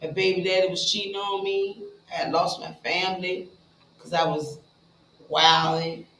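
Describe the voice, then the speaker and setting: A woman telling her own story in a casual, blunt and profane way, talking straight to her listeners and jumping between hushed asides and loud bursts. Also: lowish voice, little pitch movement, moderate pace, a little hiss or hum. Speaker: speaker sharing a recovery story. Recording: roomy echo with faint ambience.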